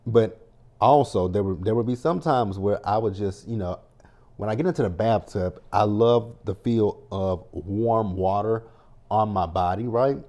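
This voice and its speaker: A man talks through a show recap in a casual, rambling vlog style. His voice sits low and mellow, and he keeps turning to the viewers to address them directly. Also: unhurried. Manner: chatty, repeats "you guys" a lot; tells personal stories with many restarts. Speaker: TV recap host.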